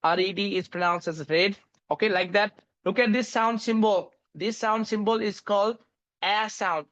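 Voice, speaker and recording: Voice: medium pitch, normal speed, a bit bright. A teacher giving an online English pronunciation lesson, spelling out words letter by letter with many fillers and restarts. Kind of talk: online lecture.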